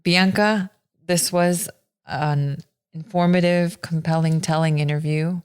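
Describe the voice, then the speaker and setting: A woman's voice: low voice, fairly even intonation, a little slow, clear, resonant tone. A woman hosting a podcast interview, affirming and summing up what her guest says. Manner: affirming, sums up the guest's points. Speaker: podcast host. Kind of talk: casual interview conversation.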